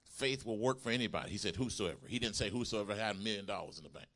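A male pastor delivering a sermon to a congregation. He swings from calm explaining to loud, emphatic call-and-response preaching and often repeats and restarts his phrases. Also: on the low side, very fast. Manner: builds from quiet teaching to loud, emphatic preaching with call-outs.

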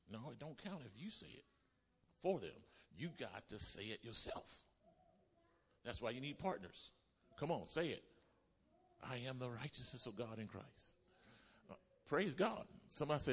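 A man preaching a sermon as pastor, swinging between loud exhortation and low, quiet passages. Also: lively intonation, normal speed. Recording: long hall reverb.

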